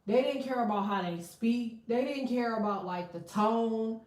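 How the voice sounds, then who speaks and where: A woman's voice: a little high, measured pace, darkish tone. A woman giving a casual tarot reading, blunt and profane, breaking into laughing asides. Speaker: tarot reader. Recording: echoey room, distant from mic.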